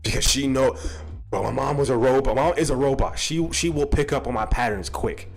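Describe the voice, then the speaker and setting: A young man telling a personal story to his viewers in a casual, profane way, laughing often and breaking into high-pitched quoted outbursts. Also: fairly quick, vocal fry, soft background music. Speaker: streamer. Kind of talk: casual storytelling to a live chat.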